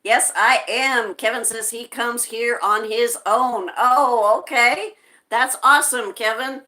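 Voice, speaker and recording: A woman's voice: fairly high pitch, bright, forceful tone. A woman from the United States hosting a livestream, chatting casually and reading viewer comments aloud. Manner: slow, chatty, reads comments aloud with frequent laughs. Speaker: livestream host reading chat.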